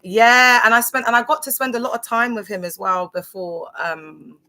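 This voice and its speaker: A woman's voice: fairly high pitch, moderate pace, bright, forceful tone. A woman, chatting casually on a phone livestream, rambling with lots of fillers and talking straight to her viewers. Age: 30s. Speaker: livestream host. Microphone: phone camera on a social media livestream.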